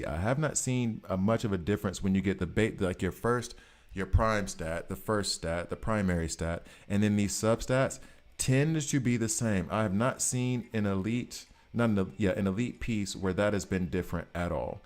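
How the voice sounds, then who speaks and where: A man with a fairly low voice talks loosely to his live-stream chat while he plays. He rambles, doubles back and corrects himself mid-sentence in an easy, unscripted way. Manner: rambling, self-correcting, chats directly with viewers. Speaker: gaming streamer.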